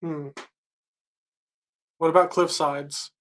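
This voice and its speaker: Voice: medium pitch, flat delivery, slow pace, a bit bright, slight background noise. A player in a tabletop role-playing game, asking questions in a casual, tentative way.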